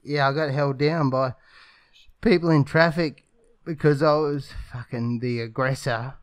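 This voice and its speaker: A young man who swears constantly and talks in rambling, urgent bursts. His voice sits at a middling pitch and is recorded dry and close to the mic. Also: steady tone, a little slow, clean tone, no echo. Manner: crude, swearing, acting panicked. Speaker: podcast guest.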